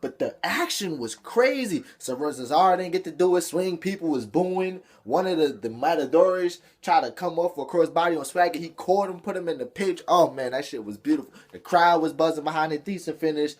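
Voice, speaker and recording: Young man, slightly high voice, excitable, swears a lot, rambling vlog review. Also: a little fast, hardly any pauses. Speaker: wrestling show reviewer. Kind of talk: casual rant review.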